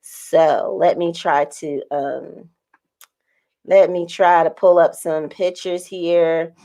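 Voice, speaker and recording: A woman vlogger telling a story in a chatty, animated way, talking straight to her viewers. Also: lowish voice, takes it slowly.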